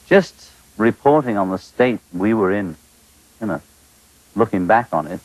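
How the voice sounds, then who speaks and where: A man's voice: on the low side, expressive, a little slow, a little mellow, dry recording, poor audio. A man from England with a Liverpool accent, a musician guest chatting casually on a TV talk show set, wry and offhand. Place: TV studio set.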